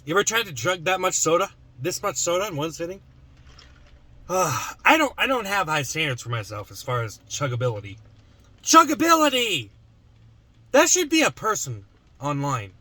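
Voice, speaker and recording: Lively, bright-voiced rambling male vlogger. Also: on the high side, a little fast, no room sound. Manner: rambling, full of fillers and restarts. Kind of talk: casual chat to camera.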